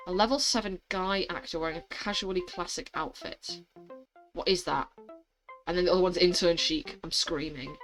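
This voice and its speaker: A young woman reading a mobile story game aloud, adding expressive, blunt commentary and swearing when annoyed. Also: on the low side, brisk, soft background music. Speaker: gaming channel host.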